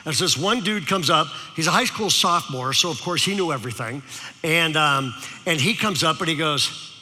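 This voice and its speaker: Bright-voiced pastor in a reverberant hall. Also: male voice, fairly high pitch, expressive, normal speed. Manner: storytelling with repeated "okay?" to the audience. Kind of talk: sermon.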